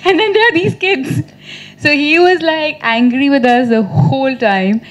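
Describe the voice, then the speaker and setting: Chatty woman, animated. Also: high voice, measured pace. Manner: chatty, animated storytelling with laughter. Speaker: actress at a film press meet. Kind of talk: casual press conference answers.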